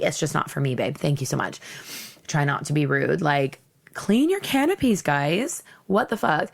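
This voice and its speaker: Woman, low voice, gravelly fry, casual storytelling, profane, animated. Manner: animated, profane, swings pitch up for emphasis. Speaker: podcast host.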